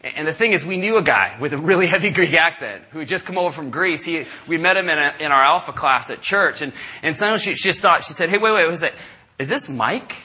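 Bright husky-voiced preacher telling a story. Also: male voice, fairly high pitch, fast. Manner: animated, acts out callers in raised voices. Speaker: pastor. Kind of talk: sermon storytelling. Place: church service.

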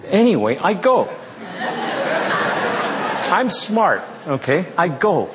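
A man giving an animated, humorous storytelling talk, speaking conversationally to an audience. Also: high-pitched, takes it slowly, pauses often, a faint crowd. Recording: reverberant hall.

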